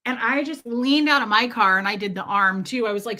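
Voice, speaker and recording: Animated woman streamer telling a story, bright voice, laughs a lot, swears. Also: on the high side, a little fast, few pauses. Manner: animated, laughing, lots of profanity. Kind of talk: casual storytelling.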